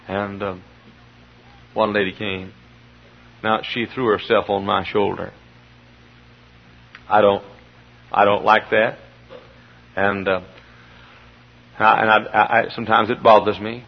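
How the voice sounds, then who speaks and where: Man, pastor, fervent sermon, low-pitched, husky, dull lo-fi church recording. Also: little pitch movement, takes it slowly, pauses often. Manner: fervent preaching that swings from low murmurs to shouted peaks. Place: church sanctuary.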